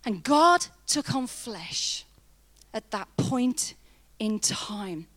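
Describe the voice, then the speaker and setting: A woman's voice: fairly high pitch, lively intonation, drawn-out words, fairly bright tone. A woman in her thirties preaching a sermon, telling a personal story in a chatty, humorous way with emphatic build-ups.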